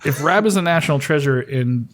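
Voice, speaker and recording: An American man with an East Coast accent co-hosts a podcast. He rambles, swears freely and laughs easily as he talks. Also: fairly high pitch. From United States. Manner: rambling, profane, quick to laugh. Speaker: podcast co-host. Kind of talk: casual profane podcast chat.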